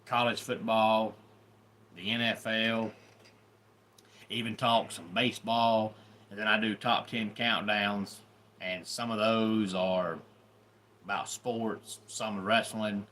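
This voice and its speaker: A man's voice: on the low side, flat delivery, slow, long pauses, bright, forceful tone, a little hiss or hum. A middle-aged man with a Southern drawl, hosting a casual livestream, giving blunt opinions and greeting viewers by name. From Deep South of the US. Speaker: YouTube host.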